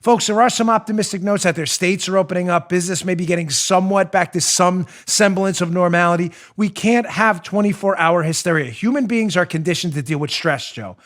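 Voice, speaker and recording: Animated, mocking talk show host man. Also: high-pitched, fairly quick, few pauses. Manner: animated, mocking, laughs a lot.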